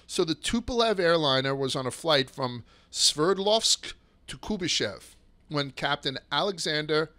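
Excitable, swearing male storyteller, bright voice. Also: a little high. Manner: rushes and restarts when excited. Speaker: podcast host. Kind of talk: casual storytelling chat.

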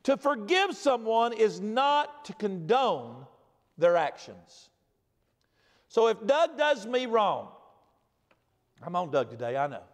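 A man preaching a sermon as pastor, swinging from loud emphatic repetition to quiet asides. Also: high voice, very animated, slow pace, long pauses, big-room sound.

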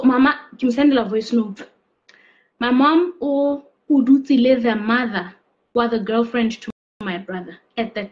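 A high-voiced South African woman speaks in an earnest storytelling way, switching between English and Sesotho and often dropping to a soft, subdued tone. The sound is dull and lo-fi. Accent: South African, mixing English and Sesotho. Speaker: faith speaker. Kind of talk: personal testimony and preaching.

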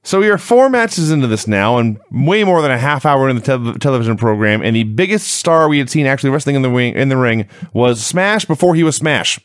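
A man's voice: medium pitch, expressive, a little fast, hardly any pauses, no room sound. A man co-hosting a wrestling review podcast, recapping events in a dry, sarcastic way. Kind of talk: casual chat, recapping.

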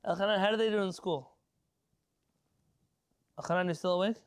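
A man teaching an informal religious class as a rabbi, lively and rhetorical, putting questions to his listeners. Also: high-pitched, fairly quick, smooth. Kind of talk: informal Torah lesson to a live class.

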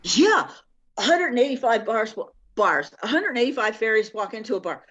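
A woman's voice: fairly high pitch, sing-song, normal speed, a bit bright, no room sound, muffled recording. A woman playing an improv joke game on a video call, doing playful character voices in her bar jokes. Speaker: improv player.

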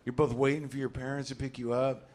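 A man's voice: medium pitch, level tone, fast talker, background noise. A man in his forties doing a stand-up comedy set on stage, ranting neurotically and acting out little scenes. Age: 40s. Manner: neurotic, ranting, acts out voices. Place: comedy club stage before a live audience.

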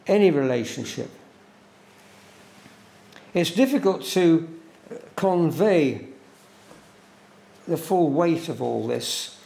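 A man preaches a sermon at a very slow, deliberate pace, leaning on repeated words for weight. His voice is gravelly and sits a little high. The church around him adds a roomy echo. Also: a little mellow. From England. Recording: echoey church room.

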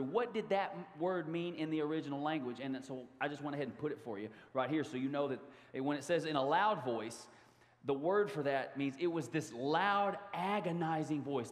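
A man preaching a sermon to his congregation, animated and given to sudden loud outbursts. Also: fairly high pitch. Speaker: pastor. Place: church sanctuary. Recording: long hall reverb.

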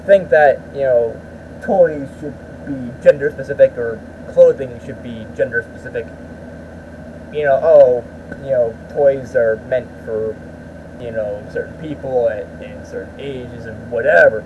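A man's voice: medium pitch, slow pace, long pauses, muffled recording, a little hiss or hum. A man ranting to camera in a rambling, profane way, restarting his sentences often. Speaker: YouTuber. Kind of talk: ranting vlog talk.

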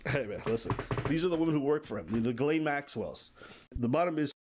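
A man's voice: fairly high pitch, lively intonation, fast talker, background noise. Man breaking it down for viewers. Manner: explanatory, breaks things down for viewers. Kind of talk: casual commentary.

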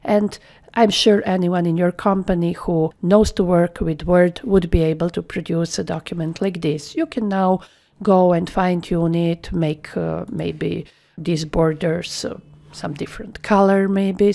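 Slow gravelly-voiced woman trainer. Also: lowish voice, mellow. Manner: thinks aloud while clicking, trailing half-whispered asides. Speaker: software trainer. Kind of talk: screen-recorded software tutorial.

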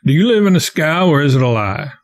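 A man reading the part of a gruff raftsman boss who questions a stowaway in a blunt, commanding way. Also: a little high, big pitch swings, fast. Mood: stern. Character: gruff grown raftsman boss, stern but fair.

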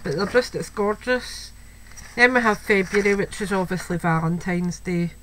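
A Scottish crafting video host chats casually at home, gushing over a crafting item and sprinkling in plenty of "wee"s and "um"s. Her mid-range voice is a bit bright, with fairly even intonation at a normal speed. The rough recording picks up faint household noise and a child in the background.

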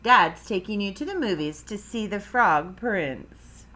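A woman voicing a gentle frog mother in a calm, soothing storybook read-aloud voice. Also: medium pitch, a little slow.

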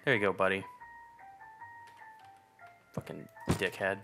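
A young man with a fairly low voice rambles through let's play commentary, swearing freely and sarcastic about everything he sees. Faint game music plays behind his voice. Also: steady tone, slow, creaky. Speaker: gamer.

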